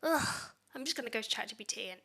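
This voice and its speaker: Woman, live coding stream, bright and fairly high voice, thinking aloud, muttering. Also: animated, fast talker, vocal fry.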